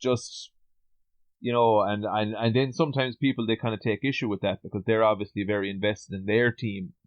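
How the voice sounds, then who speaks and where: A man's voice: lowish voice, fairly even intonation, a little fast, no room sound, dull audio. An Irish man from Ireland, a podcast guest chatting casually in a blunt, sweary way. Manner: blunt and sweary, laughing easily. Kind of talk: casual chat.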